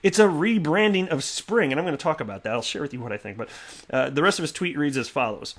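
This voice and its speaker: A man hosting a casual commentary video, chatty and animated with lots of fillers and restarts. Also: on the high side, quick pace. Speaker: crypto video host. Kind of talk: casual commentary reading tweets.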